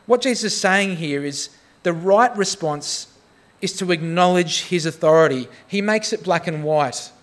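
A man preaching a sermon with a slightly higher voice than most men. He tells self-deprecating stories with a humorous touch, then turns to earnest appeals to his listeners. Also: moderate pace. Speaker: pastor.

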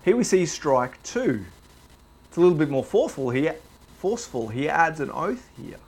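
A young man preaching a sermon, telling the story with animated, dramatized delivery. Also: fairly high pitch, normal speed, creaky, husky.

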